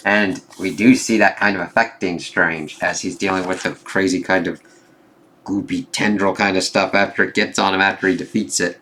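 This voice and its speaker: A man with a low, sharp, steady voice talks at a moderate pace while walking through a comic issue in an offhand review. He uses fillers and swears as he goes, reading its dialogue out loud mostly in his own voice.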